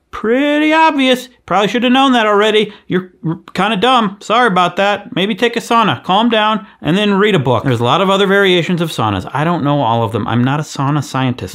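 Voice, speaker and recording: Playful self-mocking man vlogging. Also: mid-range voice. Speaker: vlogger host. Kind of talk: casual vlog chat with comic asides.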